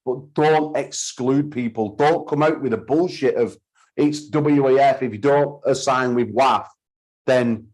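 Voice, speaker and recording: A man's voice: mid-range voice, a little slow, darkish tone, rough recording. A man, host of a call-in talk show, ranting heatedly and swearing often. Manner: heated, sweary, repeats himself. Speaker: podcast host.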